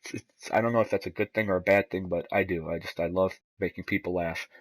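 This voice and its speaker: A man's voice: sits low, fairly even intonation, fast talker, poor audio. A man telling a rambling, profane story in casual commentary over gameplay, laughing at himself as he goes.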